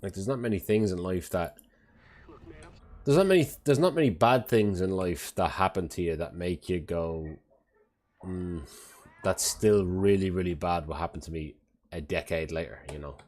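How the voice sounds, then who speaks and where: A man's voice: low-pitched, moderate pace, a little mellow. A man chatting casually on a live stream, rambling and swearing freely, often sounding exasperated. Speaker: parent.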